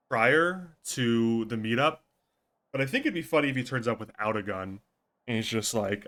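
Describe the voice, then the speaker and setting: A man's voice: mid-range voice, moderate pace, fairly bright tone. A man streaming a role-play game, chatting casually with viewers, thinking aloud and swearing freely. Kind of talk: casual out-of-character chat with viewers.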